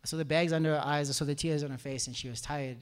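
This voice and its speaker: High-voiced pastor in an echoey hall. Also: male voice, racing, smooth. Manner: animated storyteller acting out quoted voices. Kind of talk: testimony sermon. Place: church hall before a congregation.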